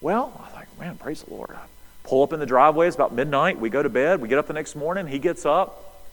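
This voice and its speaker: A middle-aged man, preaching a sermon and telling a story, moving between loud bursts and hushed passages. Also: fairly high pitch, fast talker. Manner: animated, swings from loud to hushed. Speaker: pastor. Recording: long hall reverb.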